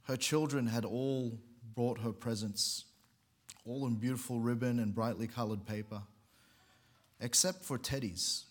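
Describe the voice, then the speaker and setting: A man, a pastor, telling a long story during a sermon, earnest and unhurried, now and then correcting himself. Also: mid-range voice. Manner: earnest storytelling with occasional restarts.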